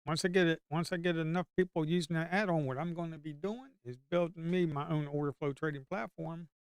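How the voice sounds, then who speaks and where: Clean studio sound with no echo captures a slightly high, smooth male voice that stays steady in tone and moves fairly quickly. He's streaming his day trading live, chatting casually at the screen, urging the market along and now and then cursing quietly.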